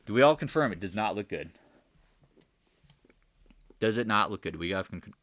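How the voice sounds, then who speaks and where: A man giving a casual, joking stock market recap over charts, animated and rambling, with sound effects. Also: lowish voice, normal speed, no echo. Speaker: market commentator.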